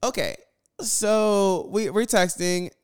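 A man's voice: high-pitched, takes it slowly, smooth. A young man telling viewers a storytime rant about his roommate, exasperated and profane, repeating phrases for emphasis. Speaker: vlogger.

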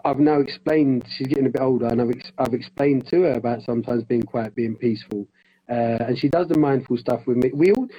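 A man's voice: mid-range voice, slightly rough, highs cut off. A man and life coach in training, talking in a casual conversation, rambling with frequent restarts.

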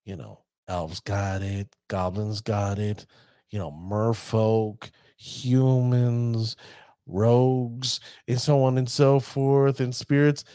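A man giving casual commentary on a card game deck, chatty and addressing his viewers as ladies and gentlemen. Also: medium pitch, steady tone, takes it slowly, no room sound, clean studio sound.

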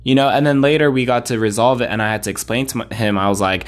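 A man's voice: medium pitch, fairly even intonation, fast talker, hardly any pauses. A man hosting a solo podcast, talking in a rambling, blunt, conversational way. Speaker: podcast host.

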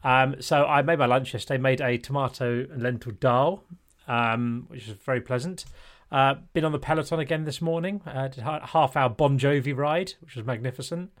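A man's voice: mid-range voice, fairly quick. A man co-hosting a podcast in casual chat, talkative and self-mocking, often laughing. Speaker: podcast co-host.

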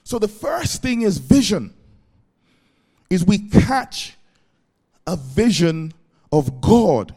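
Male preacher, fairly high voice, checks in with the crowd, lots of praise interjections. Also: mellow. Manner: keeps asking the congregation if it makes sense; repeated "praise the Lord" interjections. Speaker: pastor. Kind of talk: sermon.

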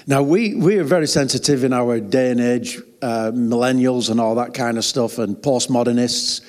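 This male pastor speaks at a normal pace in a mid-range, mildly mellow voice. His sermon is full of funny, conversational storytelling, laughter and asides, heard through long hall reverb.

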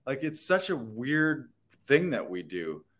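A man's voice: mid-range voice, sing-song, slow, a bit bright. A man, an actor, talking in a rambling, earnest and playful way in a casual interview, laughing and swearing now and then. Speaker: actor guest.

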